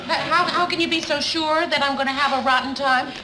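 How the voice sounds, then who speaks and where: A woman's voice: high-pitched, fairly even intonation, fairly quick, very noisy, natural voice. An actress playing a polite but reluctant young woman on a double date, stammering and dryly sarcastic, in a sitcom. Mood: wry. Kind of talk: sitcom acting. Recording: echoey studio with a loud audience.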